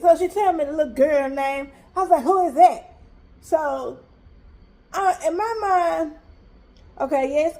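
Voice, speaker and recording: A mother telling a story in an animated, emphatic, exasperated way. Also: very high voice. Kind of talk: storytime vlog.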